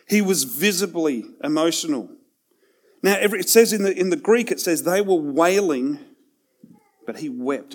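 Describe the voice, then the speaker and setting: Aussie guy preaching, chatty with little jokes, goes loud then quiet, voice a bit high. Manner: conversational, self-deprecating asides, swings between loud and hushed. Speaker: pastor. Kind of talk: sermon.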